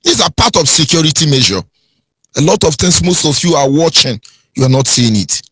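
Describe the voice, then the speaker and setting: A Nigerian man delivering an impassioned radio address with a wide, swooping voice that climbs high when heated. His tone is bright and slightly husky, and the sound is dry and close. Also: sing-song, brisk, no echo. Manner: preachy, emphatic, swings from low and grave to high and heated. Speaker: radio anchor.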